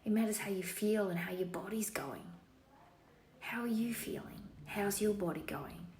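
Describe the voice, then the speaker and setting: Gravelly woman in a fun put-on Aussie accent. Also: medium pitch, moderate pace. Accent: playful put-on Australian. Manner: relaxed, encouraging, slang-filled cueing. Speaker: yoga teacher. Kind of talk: guided yoga class instruction. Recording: roomy echo, faint room hiss.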